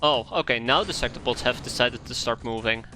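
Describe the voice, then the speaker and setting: A man's voice: a little fast, sharp tone, faint music behind. A man streaming a game live, giving exasperated commentary. He repeats himself, swears now and then, and his voice jumps up when something goes wrong. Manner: exasperated, complains aloud, voice jumps high when upset.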